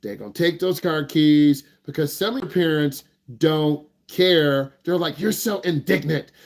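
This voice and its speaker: A man teaching driving on a live online Q&A, lively and joking, acting out parents as he talks. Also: fairly high pitch, a little slow. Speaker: driving instructor.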